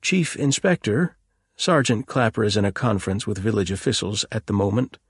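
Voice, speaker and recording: An eager young constable with a raised, keen voice, as a deep-voiced narrator puts him on. He is polite and deferential, with a husky grain left in the voice. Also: lively intonation, moderate pace, no room sound, clean studio sound.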